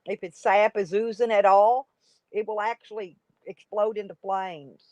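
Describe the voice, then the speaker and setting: A woman's voice: mid-range voice, steady tone, unhurried, darkish tone, dry recording. Chatty woman on a livestream. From United States. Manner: rambling, chatty, greets viewers by name. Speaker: livestream host. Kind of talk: casual live chat reading comments. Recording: dry, dull lo-fi stream audio.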